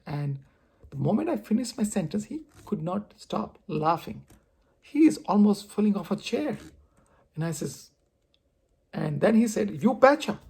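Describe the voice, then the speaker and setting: A man telling a personal story on his vlog, expressive and poking fun at himself. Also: high voice, measured pace, vocal fry, long pauses, slightly rough. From India. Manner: expressive, self-mocking storyteller. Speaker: vlogger.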